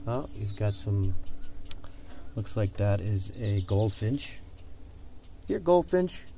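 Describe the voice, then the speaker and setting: A singer-songwriter chatting casually between songs in a rambling way, recorded outdoors on a porch with a portable recorder. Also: male voice, lowish voice, fairly even intonation, slow, background noise. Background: acoustic guitar playing.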